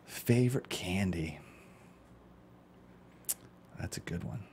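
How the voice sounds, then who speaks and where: A man's voice: deep voice, slow pace, a little mellow, slight background noise. A man from Chicago, an actor as a guest, chatting casually in a studio interview and telling rambling, jokey stories.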